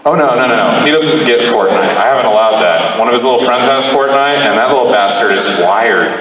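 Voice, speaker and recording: A man's voice: mid-range voice, a little fast, crowd noise. A man in his thirties telling a profane stand-up story on stage, acting out the lines of the people in it. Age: 30s. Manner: profane, animated, acts out dialogue. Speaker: stand-up comedian. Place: live comedy venue. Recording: echoey room, mic far off.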